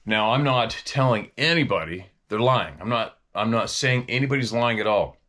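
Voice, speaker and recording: A man's voice: mid-range voice, normal speed, a bit bright. A man hosting a casual talk, a former hunting guide telling stories in a rambling, questioning way. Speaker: host.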